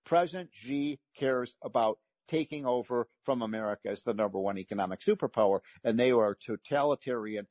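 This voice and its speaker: A man's voice: medium pitch, fairly quick, few pauses, a little mellow, no room sound. A man hosting a talk radio show, delivering an emphatic, frustrated political monologue with frequent restarts.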